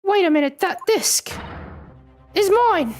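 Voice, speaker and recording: A man voicing a brash cockney street girl in a strained, squeaky falsetto while playing a detective game. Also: expressive, slow pace, darkish tone, soft background music, heavily acted. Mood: defiant.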